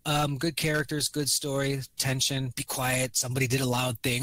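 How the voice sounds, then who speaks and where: A man's voice: mid-range voice, flat delivery, normal speed, hardly any pauses, a bit bright, no room sound. A man co-hosting a podcast, chatting casually and profanely about movies, rambling with many fillers and acting out quotes. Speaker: podcast co-host.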